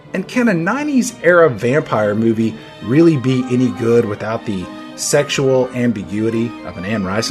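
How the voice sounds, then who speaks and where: Man, podcast host, lively pitch, playful, dramatic emphasis, faint music behind. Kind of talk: scripted movie podcast narration.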